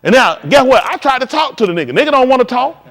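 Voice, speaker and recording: A man preaching in a casual, conversational style, swinging from quiet to loud and acting out conversations. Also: very high-pitched, quick pace. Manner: animated, shifting between quiet and loud, acts out dialogue. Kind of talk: livestreamed sermon.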